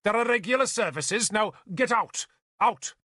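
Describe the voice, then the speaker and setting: A man voicing a self-pitying bishop who wails, pleads and snaps in a high, strained voice. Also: measured pace, bright, forceful tone, no echo, studio quality, heavily acted. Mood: hysterical. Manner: wailing, melodramatic, pleading. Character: shrill, hysterical, self-pitying old bishop.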